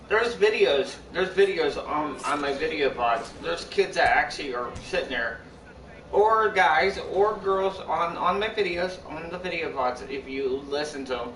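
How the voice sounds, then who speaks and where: Rambling young male streamer, bright and echoey. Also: a little high, slight background noise. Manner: rambling, repetitive, restarts often. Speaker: live streamer. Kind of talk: casual chat to viewers. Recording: echoey room, far from mic.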